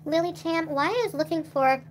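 A young woman livestreaming in a loose, rambling way, laughing often and eating as she talks. Her voice sits notably high, and she drifts between soft asides and bursts of giggling. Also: steady tone, normal speed, a little hiss or hum. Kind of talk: casual livestream chat.

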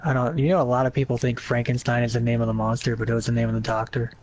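A man's voice: mid-range voice, flat delivery, darkish tone, rough recording. A young man chatting casually with friends during a live game stream, joking and acting out quotes. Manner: playful, acts out quotes, quick bursts of laughter.

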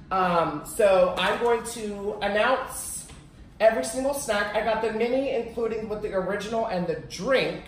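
A woman reviewing snacks in a casual, excitable unboxing vlog, chatting at home. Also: mid-range voice, recorded from a distance, slight background noise. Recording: echoey home room.

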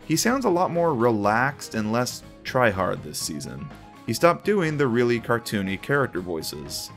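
Animated man reviewing a TV series. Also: medium pitch, a little slow, faint music behind. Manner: opinionated, conversational commentary. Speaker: video essay host.

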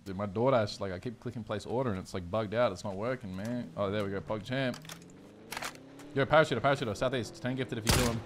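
A man streaming a battle game, giving quick callouts to his squad. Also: on the low side, background noise. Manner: rapid tactical callouts, laid-back laughs. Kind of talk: gaming callouts. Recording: loud gunfire over the voice.

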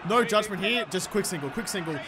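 A young man talks through a cricket game as he plays it. His voice sits high, and he swings between excitement and annoyance, swearing freely. A clear hiss of noise runs under the recording. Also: fast talker. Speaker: gaming YouTuber. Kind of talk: gameplay commentary.

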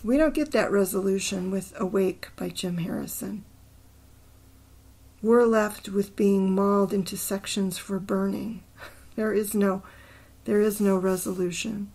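Unhurried woman host, casual poetry chat, thinks aloud as she goes. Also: medium pitch, steady tone, darkish tone. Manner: thinking aloud, murmuring syllable counts under her breath; slow and unhurried, with fillers. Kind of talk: casual talk about poems, reading aloud.

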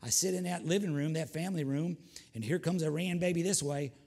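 A man's voice: fairly high pitch, brisk, a little mellow. An older man, preaching a sermon as pastor, fervent with repeated hallelujahs and folksy asides.

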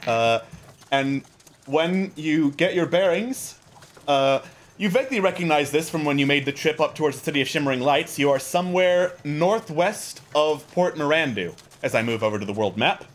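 A man narrating as game master of a tabletop game, relaxed and with many filler words. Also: a little high, moderate pace.

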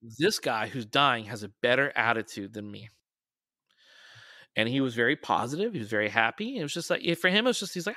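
Male podcast guest with a bright, dry voice who tells stories and acts out the quotes. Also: mid-range voice, expressive, fairly quick, dry recording. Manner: storytelling, raises his voice to quote people. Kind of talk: casual podcast conversation.

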